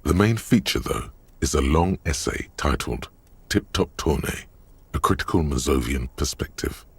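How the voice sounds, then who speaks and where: Wry game narrator: very low, dry close sound, sardonic second-person storytelling. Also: male voice, animated, normal speed, vocal fry, husky, no room sound, heavily acted. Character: deep-voiced male narrator, dry and wry. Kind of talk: scripted voiced narration.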